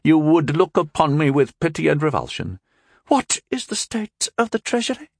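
A man's voice: on the high side, animated, moderate pace, a bit bright, no echo, studio quality, pitched above the performer's own voice. A man voicing a shrieking, furious noblewoman. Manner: shrieking, scolding. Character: furious scheming middle-aged noblewoman. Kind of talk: audiobook character voice.

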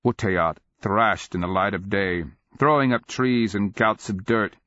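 A man reading a fantasy audiobook in a measured, grave storytelling manner that swells during battle scenes. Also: on the low side, a bit bright, dull audio. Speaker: audiobook narrator. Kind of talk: dramatic fantasy audiobook narration.

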